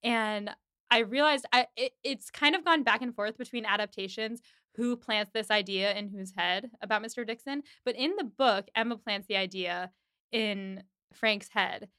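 A woman's voice: medium pitch, moderate pace, sharp tone, smooth, dry recording, studio quality. A woman hosting a podcast, chattily recapping a TV episode and leaning on "like" as she talks. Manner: chatty retelling, heavy use of "like".

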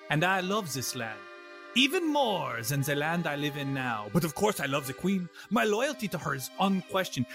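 A man playing a foreign-born courtier with a put-on accent, talking theatrically in an improvised comedy play. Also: a little high. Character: foreign-born courtier plotting against the queen.

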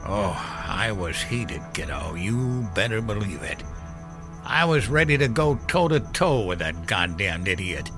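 An actor playing a gruff older war veteran father who tells a grim story in a blunt, profane way. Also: fairly low pitch, animated, a little slow, over music. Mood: grim recollection. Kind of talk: audio drama storytelling.

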